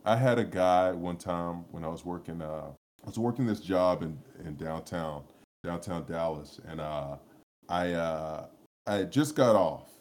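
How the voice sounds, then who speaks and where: A man's voice: deep voice, unhurried, darkish tone. A man, co-hosting a podcast, telling a rambling story full of cursing and laughter. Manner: rambling, profane, laughs often, lots of restarts. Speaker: podcast co-host. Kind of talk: casual chat, storytelling.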